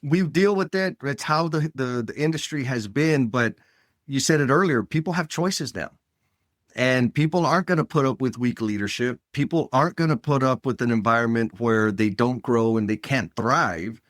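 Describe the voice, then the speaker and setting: A man's voice: medium pitch, normal speed, fairly bright tone, no echo, studio quality. A man hosting a podcast interview, telling stories in a blunt, emphatic way. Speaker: podcast host. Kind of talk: casual interview chat.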